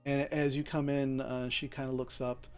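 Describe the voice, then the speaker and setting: A man's voice: medium pitch, level tone, moderate pace, a little mellow, smooth, faint music behind. A man narrating a tabletop game as game master, casual and rambling with many fillers and restarts.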